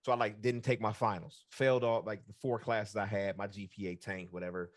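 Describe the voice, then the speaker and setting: A man co-hosting a podcast, telling a long personal story in a relaxed, rambling way, full of fillers and acted-out dialogue. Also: fairly low pitch, brisk, dry recording, clean studio sound. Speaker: podcast co-host. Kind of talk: casual storytelling chat.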